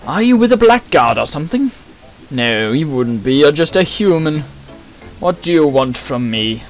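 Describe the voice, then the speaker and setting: A man's voice: on the high side, very animated, normal speed, faint music behind. A man voicing a posh, grumpy male noble who snaps at intruders in a haughty manner. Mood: hostile. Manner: haughty, snapping, shouty.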